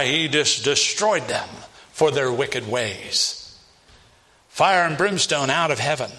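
A man's voice: on the high side, bright, forceful tone. A man preaching a sermon in an emphatic manner, asking rhetorical questions to his listeners.

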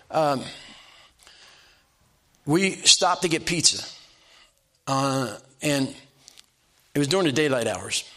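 An older man preaching a sermon, telling folksy personal stories with restarts and slow, emphatic punchlines. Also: a little high, a bit bright.

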